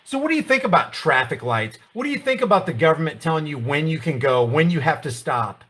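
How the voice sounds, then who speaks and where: A man's voice: fairly high pitch, sing-song, a little fast, fairly bright tone. A man hosting a political commentary rant, sarcastic and full of rhetorical questions. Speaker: commentary host.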